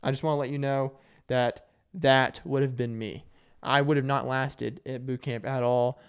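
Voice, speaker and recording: A young man hosting a solo podcast, telling rambling, self-deprecating stories in a casual way and acting out loud quotes. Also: mid-range voice, steady tone, moderate pace, clear, resonant tone. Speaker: podcast host.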